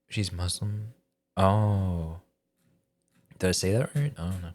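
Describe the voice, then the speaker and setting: A man with a notably low voice talks casually to his stream while playing a story game. He thinks aloud, hesitating and restarting his sentences often. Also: slow pace, long pauses, darkish tone. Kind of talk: casual live-stream commentary.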